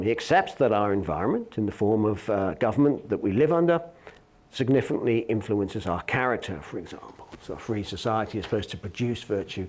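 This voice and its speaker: A man, an academic lecturer, giving a philosophy lecture in a measured, explanatory way, often pausing on fillers and correcting himself mid-sentence. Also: fairly low pitch, a little mellow.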